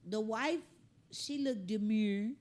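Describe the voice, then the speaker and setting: A woman hosting a comedy reaction show, riffing on clips in an animated, joking, slangy way. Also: a little high, takes it slowly.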